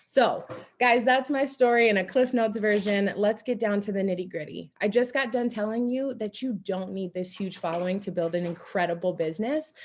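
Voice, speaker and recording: Young woman, animated motivational storyteller on a team call, middle pitch. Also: moderate pace, slight background noise. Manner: energetic, animated storytelling with acted-out quotes. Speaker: guest speaker on a team coaching call.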